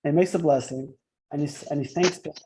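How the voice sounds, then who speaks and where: A man's voice: fairly high pitch, fast, darkish tone, a little hiss or hum. A man teaching a Torah class in a chatty, interactive way, telling jokes and often checking in with "right?". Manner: chatty, keeps asking "right?", tells jokes.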